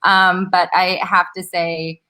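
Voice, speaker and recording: A woman who owns a wine shop, guiding a casual tasting chat with quick, rambling talk. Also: on the low side, flat delivery, bright, forceful tone.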